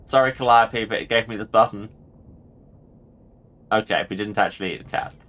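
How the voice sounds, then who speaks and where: A man's voice: fairly low pitch, moderate pace, fairly bright tone. A man hosting a let's play and giving playful, jokey commentary on the game. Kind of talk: casual gameplay commentary.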